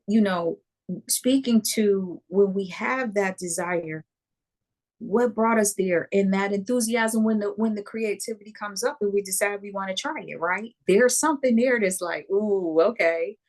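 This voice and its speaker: A woman's voice: medium pitch, unhurried, darkish tone. Emphatic woman spiritual coach. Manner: emphatic, repeating phrases for effect. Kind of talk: motivational live chat.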